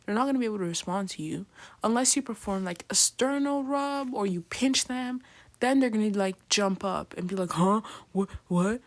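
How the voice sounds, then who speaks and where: A woman's voice: fairly high pitch, brisk. A woman teaching a casual lecture, chatty and full of fillers, often checking in with "right?". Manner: chatty, filler-heavy, keeps asking "right?"; acts out patients in slangy voices. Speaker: nursing lecturer.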